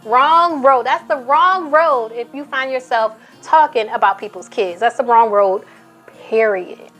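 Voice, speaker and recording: Emphatic female commentator, higher register, faint music underneath; casual, opinionated delivery. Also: unhurried. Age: adult, a mother. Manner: outspoken, emphatic, repeats for emphasis. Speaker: commentary YouTuber. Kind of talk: casual commentary, reading tweets aloud.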